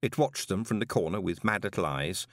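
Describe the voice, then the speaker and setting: A man narrating an audiobook in an expressive storytelling manner. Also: sits low, brisk, no echo, studio quality.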